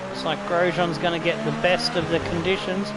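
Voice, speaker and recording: A man's voice: sits high, a little fast, loud music behind the voice, rough recording. A man with an Australian accent commentating his own racing game play, swearing and bursting out at rivals. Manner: excitable, swearing, laughing outbursts. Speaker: gaming YouTuber.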